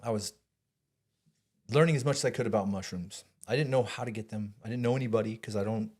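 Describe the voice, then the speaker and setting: A man guest telling a long personal story in casual talk, animated, swearing and restarting often. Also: on the low side, quick pace, breathy edge. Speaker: podcast guest.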